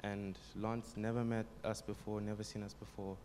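A man's voice: lowish voice, flat delivery, moderate pace, darkish tone, slight background noise. A young man telling his testimony to a youth group, plain, with frequent ums. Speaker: congregation member giving a testimony. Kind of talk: spoken testimony.

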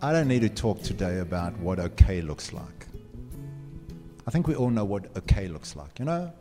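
A man's voice: on the low side, big pitch swings, moderate pace, over music. A man gives an earnest motivational talk to students, asking them direct questions. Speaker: speaker addressing students. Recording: long hall reverb.

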